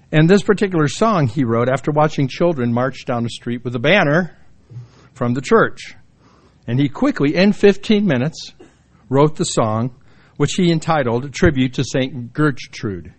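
Male pastor, middle-aged, sermon, storytelling, voices quoted characters, mid-range pitch, church setting. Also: lively intonation, a little slow. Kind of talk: sermon with humorous stories.

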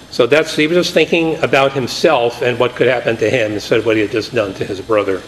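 A man's voice: medium pitch, fairly quick, a bit bright, slight background noise, rough recording. A man preaching a Bible study sermon in a conversational way, paraphrasing scripture and acting out the quotes with energy.

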